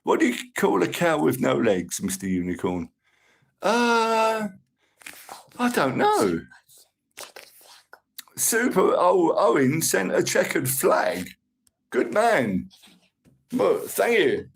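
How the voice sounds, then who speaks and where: A man from the UK with a British accent, hosting a livestream and chatting casually through viewer comments, upbeat and a bit overexcited, his voice croaky. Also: a little high, huge pitch swings, a little slow, a little hiss or hum. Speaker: livestream host.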